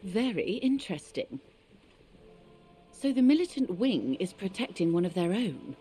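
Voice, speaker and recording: A woman's voice: medium pitch, big pitch swings, unhurried, warm tone, faint music behind. A woman voicing a poised, shrewd negotiator in a video game, speaking politely and with composure. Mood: composed.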